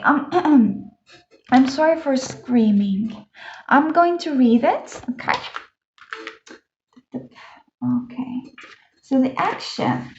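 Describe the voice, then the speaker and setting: Woman doing a tarot reading, kinda high voice, chatty and excited, muffled lo-fi sound. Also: unhurried. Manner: chatty and enthusiastic, many fillers like "uh" and "like". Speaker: tarot card reader. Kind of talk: casual pick-a-card tarot reading. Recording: echoey room, dull lo-fi sound.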